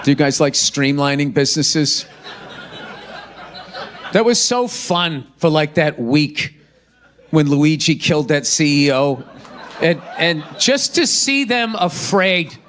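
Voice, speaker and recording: A man with a high, reedy voice rants through a stand-up set, swearing freely and mocking everything in sight. He performs before a live audience, and his tone is sarcastic and exasperated. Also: expressive, slow, pauses often, a bit bright. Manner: ranting, profane, mocking. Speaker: stand-up comedian. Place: live comedy venue with audience.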